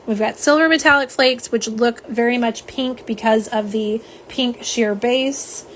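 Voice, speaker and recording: A woman's voice: a little high, unhurried, a little hiss or hum. A woman chatting through a live nail polish swatch stream at home, rambling and reading out viewer comments. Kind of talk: live unboxing chat.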